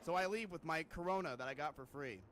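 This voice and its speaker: A man's voice: a little high, fast talker, fairly bright tone. A man streaming a game, telling a story in a rambling, profane, incredulous way. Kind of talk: casual storytelling while gaming.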